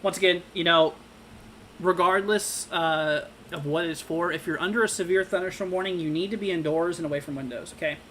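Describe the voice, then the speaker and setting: A young man hosting a live severe-weather stream, talking casually with lots of fillers and halting restarts while reading viewer comments. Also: a little high, a bit bright, slight background noise. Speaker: livestream weather host.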